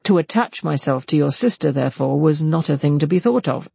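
A man reading aloud and voicing an earnest young gentleman confessing in an intense, serious way. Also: fairly high pitch, expressive, fairly quick, vocal fry, husky, no echo, full character voice. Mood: confessional. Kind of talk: audiobook character voice.

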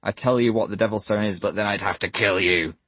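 A man's voice: lowish voice, fast talker, fairly bright tone, dry recording. A man voicing a hyperactive twelve-year-old boy recording a message for the future, full of silly jokes. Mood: giddy. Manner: giddy, jumpy, silly jokes.

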